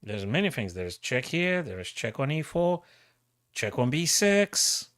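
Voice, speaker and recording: Excitable man calling chess moves live. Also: fairly high pitch, a little slow, dry recording, clean studio sound. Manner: thinking aloud, excitable, repeats himself. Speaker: chess streamer.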